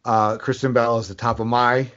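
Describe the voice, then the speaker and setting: A man's voice: mid-range voice, flat delivery, moderate pace, fairly bright tone, muffled recording. A man co-hosting a casual movie podcast, joking and laughing with friends. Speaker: podcast co-host.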